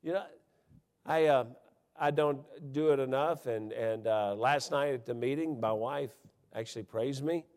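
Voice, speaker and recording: A man preaching a sermon, animated and folksy, swinging between loud emphatic peaks and quiet asides, with chuckles and storytelling. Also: medium pitch, unhurried. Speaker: pastor. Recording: long hall reverb.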